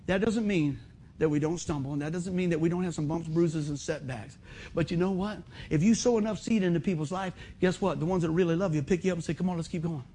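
High-voiced folksy preacher man. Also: fast, warm tone, a little hiss or hum. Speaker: pastor. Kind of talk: sermon.

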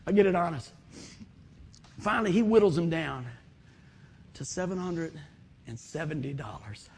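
Speaking at a normal pace in a slightly high, husky voice, a middle-aged man from West Virginia preaches by way of a long personal story. He acts out the voices of its characters with animated energy and occasional bursts of loud whoops.

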